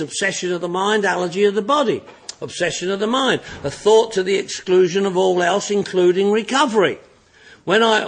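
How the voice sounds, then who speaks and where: Husky, high-voiced older man telling jokes. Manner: joking, blunt storytelling with repeated refrains. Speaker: recovery meeting speaker. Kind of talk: humorous recovery talk to an audience.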